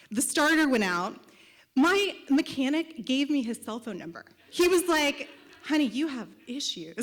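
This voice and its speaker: A woman with a higher voice tells a personal story on a live show stage. She leans on comic timing and punchy asides, speaking into a stage mic.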